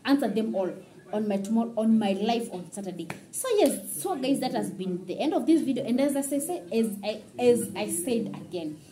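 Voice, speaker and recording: A woman vlogger from Kenya telling a story in a casual, very fast, run-on way. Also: a little high, expressive, mellow, rough recording.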